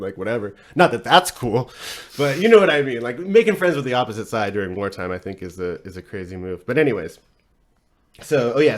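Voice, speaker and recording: A man hosting a podcast, retelling a story casually in a rambling, profane way, with many fillers and frequent chuckles. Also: medium pitch. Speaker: podcast host.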